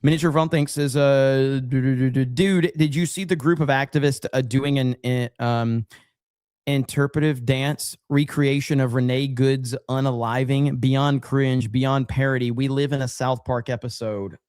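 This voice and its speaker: A man's voice: medium pitch, steady tone, moderate pace, darkish tone, smooth, dry recording, clean studio sound. A man hosting a livestream, casually reading viewer comments aloud in a loose, profane, rambling way full of fillers. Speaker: livestream host.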